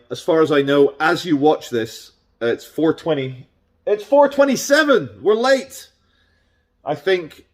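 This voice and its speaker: Guy rambling on his vlog, sarcastic and irreverent, mid-pitched voice, just talking off the cuff. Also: darkish tone. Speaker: vlogger. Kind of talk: casual monologue.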